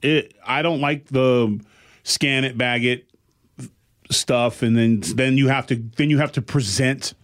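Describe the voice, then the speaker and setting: In a casual podcast chat, a man with a mid-range voice speaks at a measured pace, telling stories animatedly and acting out the quotes of the people in them.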